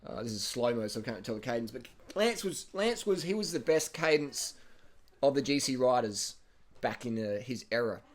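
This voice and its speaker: Man, Australian accent, casual commentary, excitable, blunt, swears, repetitive. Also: mid-range voice, moderate pace. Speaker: cycling video host. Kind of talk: casual commentary over race footage.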